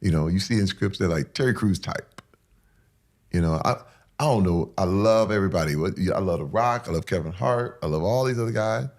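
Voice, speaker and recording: A man's voice: deep voice, brisk. A man speaking as an interview guest, telling his personal story candidly and earnestly, repeating phrases for emphasis. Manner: drops to a hushed whisper at moving moments.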